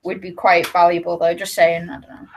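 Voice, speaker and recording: A woman's voice: lowish voice, level tone, fairly quick, a little hiss or hum. Giggly Scouse woman guest. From Liverpool, England. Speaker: stream guest. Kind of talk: casual livestream chat.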